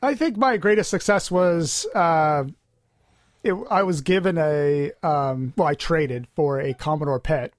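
A man's voice: on the high side, measured pace, no echo, studio quality. A man co-hosting a podcast, chatting casually and rambling with restarts and fillers. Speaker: podcast co-host. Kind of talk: casual chat.

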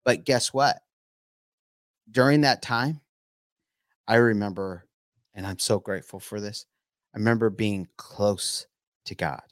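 A man co-hosting a faith show, speaking casually with his wife in a halting way, often checking in with "right?". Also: lowish voice, dry recording, clean studio sound. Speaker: co-host of a faith teaching show.

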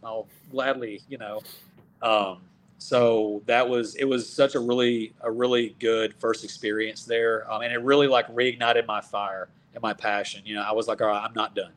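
A man from Texas, a wrestler in his thirties, telling stories in a casual, animated way and acting out what people said. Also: mid-range voice, moderate pace. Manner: animated, acts out quoted dialogue. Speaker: professional wrestler guest. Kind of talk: casual storytelling.

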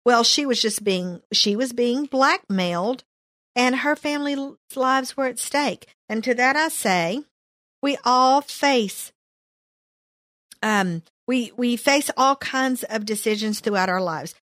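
A woman's voice: a little high, takes it slowly, a bit bright, no echo. Woman reading scripture, dry close sound. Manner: reads verses then comments, playful asides. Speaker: Bible study co-host. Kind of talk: casual Bible study chat, reading scripture aloud.

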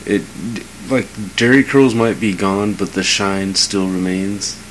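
Low-voiced joking man. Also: measured pace, slight background noise, poor audio. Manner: joking, laughs often, swears. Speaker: podcast co-host. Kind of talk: casual chat.

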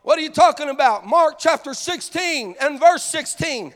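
A man preaching a fervent sermon, breaking into shouts and a sing-song cadence, with many "uh" fillers. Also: very high voice, lively intonation, moderate pace. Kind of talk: impassioned sermon.

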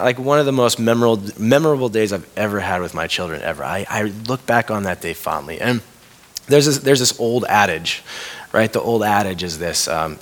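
A man in his thirties preaching a conversational sermon, lifting his voice when quoting and dropping soft and low for a personal story. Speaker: pastor.

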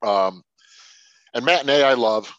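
A man's voice: a little slow, no room sound. A man in a casual podcast chat about movies, talking animatedly and swearing freely. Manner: animated, swearing, mimics people in sudden high voices. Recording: dull lo-fi sound.

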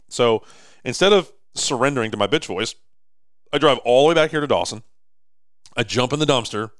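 Rambling man telling a story, smooth voice. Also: medium pitch, animated, a little fast, pauses often, fairly bright tone, no echo, studio quality. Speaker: podcast co-host. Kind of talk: casual chat. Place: indoor office or shop.

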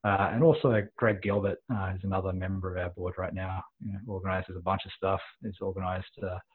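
A man's voice: low-pitched, husky. A man talking as a guest in a casual podcast interview, hesitant with many fillers, heard over a call. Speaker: guest, club member. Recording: tinny phone line.

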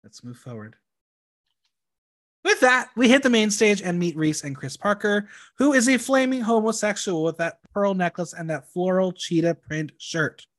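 A man's voice: sits high, very animated, normal speed, fairly bright tone. A young man hosting a podcast, recapping episodes in a chatty, campy way with frequent ums. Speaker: podcast host recapping a reality show. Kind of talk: casual chat.

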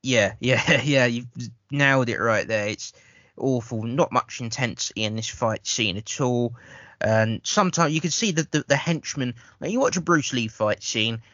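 Bright, forceful man ranting casually. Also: medium pitch, normal speed, no room sound. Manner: rambling, profane, stammers on restarts. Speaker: podcast host. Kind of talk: casual film review chat. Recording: dull lo-fi sound.

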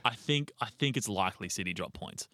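A man's voice: lowish voice, expressive, brisk, a bit bright, no echo, studio quality. A young man, co-hosting a casual sports podcast and rambling through team news with casual swearing. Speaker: podcast co-host.

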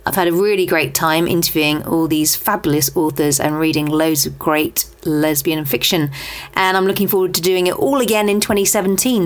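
A woman hosting a book podcast, giving casual, chatty recommendations with frequent ums and restarts. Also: lowish voice. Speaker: podcast host.

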